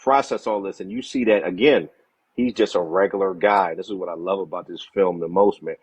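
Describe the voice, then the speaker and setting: A man co-hosting a movie review chat, talking in an animated, slangy way and often saying "you know what I'm saying". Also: sits low, brisk, breathy edge, dry recording. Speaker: podcast co-host. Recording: dry, dull lo-fi audio.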